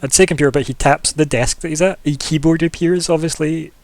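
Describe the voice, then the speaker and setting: A man's voice: fairly high pitch, steady tone, brisk, no echo. A man, narrating as game master in a loose, chatty way with many fillers.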